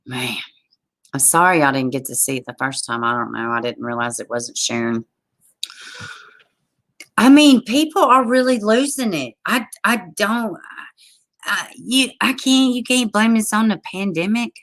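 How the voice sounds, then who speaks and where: A woman hosting a livestream from home, reading news stories aloud and reacting in an exasperated, animated way while talking straight to her viewers. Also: medium pitch, measured pace. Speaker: livestream host. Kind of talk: casual news commentary to a live chat.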